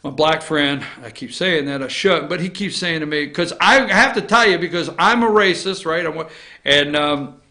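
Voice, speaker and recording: A man's voice: fairly high pitch, moderate pace, pushed and bright. A man hosting an opinion talk show from an office, blunt and sarcastic with rambling asides. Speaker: host. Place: office studio.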